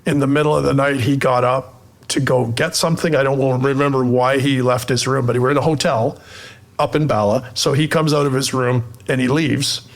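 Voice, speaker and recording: A man's voice: mid-range voice, steady tone, fairly quick. Laid-back joking male podcast co-host. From Canada. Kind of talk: casual chat.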